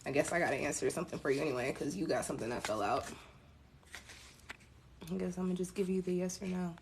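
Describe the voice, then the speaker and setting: A woman tarot reader chatting casually with viewers on a home live stream, relaxed and self-mocking. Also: low voice, fast, background noise. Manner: relaxed, chatty, laughs at herself, addresses viewers as y'all.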